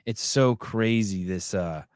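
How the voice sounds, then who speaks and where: A man's voice: lowish voice, slow pace, dry recording, clean studio sound. Profane mocking podcast host man. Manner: profane, mocking, mimics whiny voices. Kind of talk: crude comedic rant to live chat.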